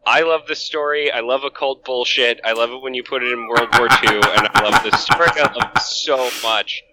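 A man co-hosting a podcast in casual chat, gushing and excitable, swearing casually. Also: mid-range voice, a little fast, very noisy. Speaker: podcast co-host.

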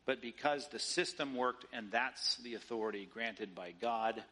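A man's voice: mid-range voice, moderate pace, pushed and bright. A man preaching a sermon, telling a story with mock dialogue. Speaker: pastor.

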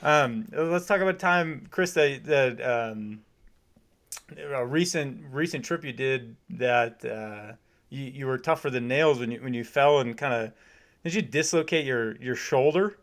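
A man hosting a podcast, asking casual interview questions in a halting way with restarts. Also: medium pitch, a bit bright. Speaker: podcast host.

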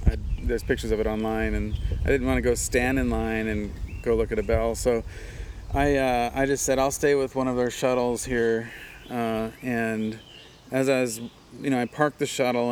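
A man's voice: medium pitch, darkish tone, slight background noise. Chatty male pastor telling stories. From Hawaii. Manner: chatty, with frequent laughs and "you know" fillers. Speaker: pastor and speaker. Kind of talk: casual interview storytelling.

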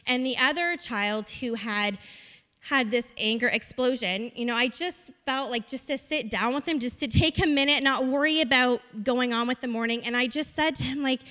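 A woman with a high, bright voice speaks at church about her work with children. She tells her story earnestly, leaning on ums and likes. Her voice rings with a long hall reverb. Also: normal speed. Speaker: children's ministry leader. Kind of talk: church testimony talk.

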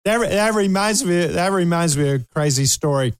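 Animated older man telling a story. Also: high-pitched, fairly quick, smooth, no echo. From Kentucky, USA. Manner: animated storyteller, laughs often, acts out quoted voices. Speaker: host. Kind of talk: storytelling talk show chat.

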